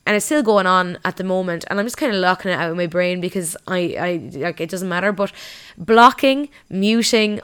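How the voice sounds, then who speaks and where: A woman's voice: medium pitch, fairly bright tone, clean tone. A young woman, talking frankly and candidly to her viewers in a casual, sweary monologue.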